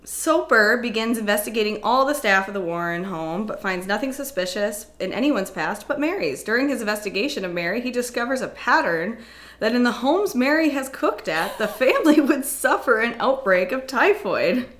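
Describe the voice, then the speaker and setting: A woman's voice: a little high, animated, fairly bright tone. A woman co-hosting a podcast, casually retelling a history story with frequent swearing and laughter. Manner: chatty and profane, laughs often, jumps into quick silly voices. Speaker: podcast co-host.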